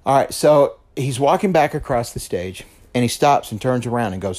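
Speaking fairly quickly in a slightly mellow, mid-range voice, the host of his own podcast, who lives in West Texas, recounts a personal story. He's earnest, repeats himself, and often checks in with "okay?"

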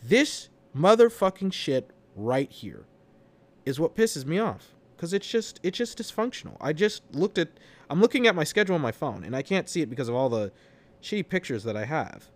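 A young man with a slightly high, sing-song voice vents about his job at a normal pace on his solo podcast, rambling, cursing, and sounding thoroughly exasperated.

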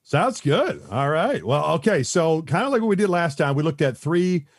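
A man's voice: a little high, very animated, normal speed, breathy edge, no echo, clean studio sound. A man chatting as a podcast guest, rambling with lots of fillers and restarts and chuckling often. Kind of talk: casual podcast chat.

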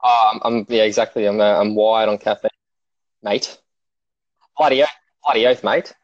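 A man's voice: lowish voice, fairly even intonation, moderate pace, no echo. A young Australian man chatting casually as a podcast guest, laid-back and joking, often stumbling and restarting his sentences. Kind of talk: casual chat. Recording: dull lo-fi audio.

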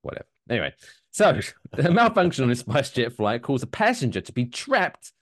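A man's voice: medium pitch, very animated, fairly quick, no room sound, studio quality. A man co-hosting a comedy podcast in casual chat, jokey and reading news stories aloud. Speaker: podcast co-host.

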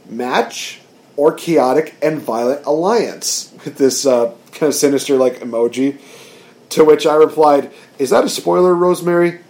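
A man's voice: mid-range voice, darkish tone. A man co-hosting a casual podcast, talking eagerly and rambling with lots of fillers. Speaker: podcast co-host. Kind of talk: casual chat. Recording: roomy echo.

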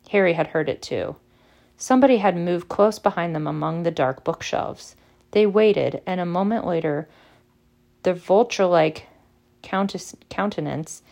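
A woman reading a novel aloud as narrator, measured and expressive. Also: lowish voice, vocal fry. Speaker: audiobook reader. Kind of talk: storybook narration.

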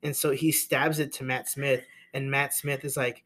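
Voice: mid-range voice, level tone, moderate pace, a bit bright. A young podcast co-host recapping a movie in rambling casual chat, full of "like"s and restarts and frequent laughter.

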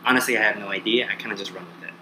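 A man from California with a Californian accent, a podcast guest chatting casually and telling animated stories. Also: fairly low pitch, racing, a little hiss or hum, rough recording. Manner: animated storyteller, casual "dude", "bro". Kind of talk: casual chat.

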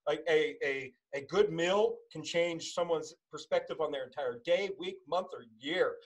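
Male podcast host in his 40s, higher voice, earnest and personal. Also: unhurried, poor audio. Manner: earnest, relating personal stories. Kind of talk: casual conversation.

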